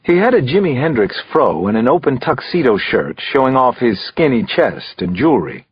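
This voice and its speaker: A man narrating a thriller audiobook in an expressive, lively way. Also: mid-range voice, moderate pace, husky, dry recording, lo-fi sound.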